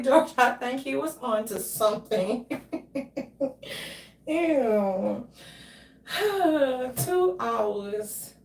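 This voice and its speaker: A woman's voice: high voice, gravelly, far from the mic. A woman ranting casually to her audience, telling stories with lots of cursing, laughter and mimicked voices. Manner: profane, animated storytelling with laughs and mimicry. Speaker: commentary streamer. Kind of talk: casual rant. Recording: echoey room, off-mic.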